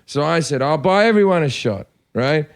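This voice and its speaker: A man's voice: on the high side, lively intonation, moderate pace. A man telling rambling, self-deprecating stories on a casual podcast, swearing freely. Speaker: podcast host. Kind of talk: casual storytelling chat.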